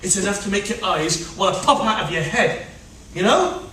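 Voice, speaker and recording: A man's voice: high voice, expressive, moderate pace, fairly bright tone, distant mic, slight background noise. An actor playing a harried middle-aged official and overworked family man, pleading and complaining melodramatically in a stage rehearsal, recorded from afar in an echoey room. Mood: weary complaint.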